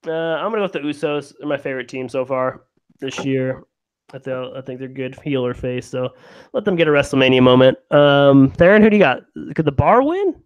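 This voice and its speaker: A man's voice: medium pitch, expressive, fairly quick, smooth, muffled recording. A man hosting a casual podcast chat, easygoing and moving the talk along. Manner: easygoing, moves the talk along with fillers and laughs. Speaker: podcast host.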